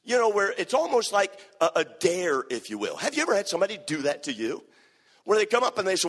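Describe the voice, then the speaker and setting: A man's voice: high voice, very animated, brisk, fairly bright tone, husky. A man preaching a sermon, emphatic and repeating his key phrases. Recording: hall reverb.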